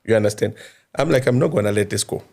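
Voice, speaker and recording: A man, an interviewee recounting events in casual, slang-filled speech, animated and informal with apologetic asides. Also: fairly low pitch, fast, creaky. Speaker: interviewee, former crime intelligence source. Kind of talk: casual spoken storytelling.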